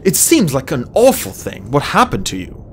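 A woman voicing a thoughtful young male dragon who speaks slowly and hesitantly. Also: extremely low pitch, huge pitch swings, vocal fry, a little mellow, slight background noise, full character voice. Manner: hesitant, slow and careful.

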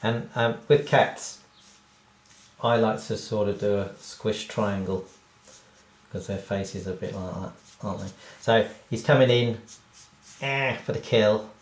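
Slow rambling cartoonist guy, jokey and self-deprecating, echoey room. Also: fairly low pitch, fairly even intonation. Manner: rambling, self-deprecating, laughs at own jokes. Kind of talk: casual drawing tutorial. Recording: roomy echo.

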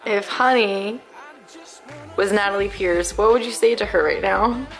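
A woman's voice: medium pitch, measured pace, creaky. A young woman giving a gushing, giggly birthday message to a friend, with lots of "um" and "like". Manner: gushing, giggly, full of fillers. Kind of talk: casual birthday video message. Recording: very echoey room, far from the mic, music playing.

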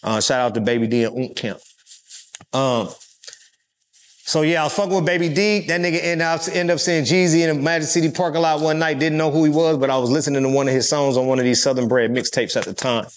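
A man's voice: fairly high pitch, fairly even intonation, quick pace. A middle-aged man from California, a rapper telling stories in a casual interview with loose, profane street talk and frequent fillers.

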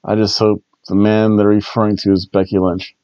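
A man's voice: on the low side, little pitch movement, moderate pace, mellow, no room sound, lo-fi sound. A man hosting a casual wrestling review show, rambling with jokey asides. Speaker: wrestling review podcast host. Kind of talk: casual recap commentary.

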